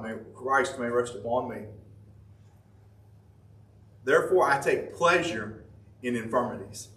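Fervent preacher in an echoey room. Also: male voice, mid-range voice, a bit bright, distant mic. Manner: folksy, repetitive, rising to fervent emphasis. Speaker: preacher giving a devotion. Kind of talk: sermon.

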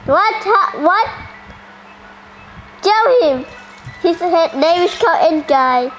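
A woman giving casual gameplay commentary, excitable and full of surprised questions. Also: extremely high pitch, takes it slowly, soft background music, rough recording. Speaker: gaming channel host.

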